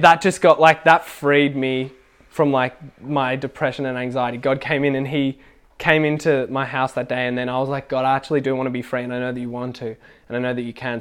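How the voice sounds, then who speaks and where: A young man casually telling a personal faith story, rambling with lots of filler words and laughing now and then. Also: medium pitch. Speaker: speaker sharing a faith testimony.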